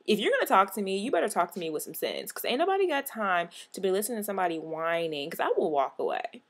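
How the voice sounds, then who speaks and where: A woman's voice: mid-range voice, sing-song, fast talker. A young woman vlogger in a sassy, exasperated comic rant to camera, punching out her catchphrase.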